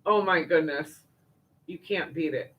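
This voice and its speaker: A woman's voice: low voice, measured pace, lo-fi sound. An older woman, chatting casually as the host of a livestream, folksy and full of fillers and asides. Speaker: livestream host reading viewer comments. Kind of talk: casual chat.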